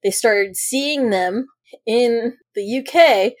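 A woman with a somewhat high voice co-hosts a casual podcast, talking her way through news stories. Now and then she reads quotes aloud in an official-sounding voice. The mic is close and dry. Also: slow pace, darkish tone, no room sound. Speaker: podcast host.

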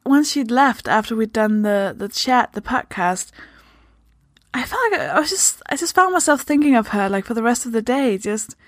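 A woman from Denmark with a Danish accent, hosting a podcast in a casual unscripted intro, tired and halting, stopping mid-sentence. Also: fairly high pitch, expressive, dry recording, clean studio sound. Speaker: podcast host.

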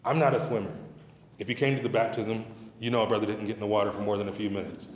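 A man's voice: lowish voice, level tone, quick pace, slight background noise. A middle-aged man preaching a sermon as pastor, in a conversational, humorous and emphatic manner, in a church sanctuary. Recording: roomy hall reverb.

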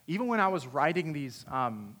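A young man giving a youth talk, telling a funny story about himself in an animated way. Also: on the high side, normal speed. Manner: animated, self-deprecating storyteller. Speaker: youth camp speaker. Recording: long hall reverb.

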